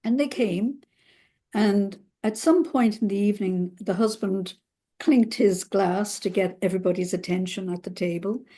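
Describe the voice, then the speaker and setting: A woman therapist recounting a client's story in a relaxed conversational way, acting out the quoted voices with lively emphasis. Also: mid-range voice, moderate pace.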